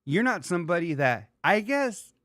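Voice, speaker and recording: A man's voice: high-pitched, big pitch swings, moderate pace, a bit bright, dry recording. Rambling, dry-voiced man hosting a livestream. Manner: loose and rambling, swears casually. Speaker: livestream host. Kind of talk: casual solo livestream chat reading viewer comments.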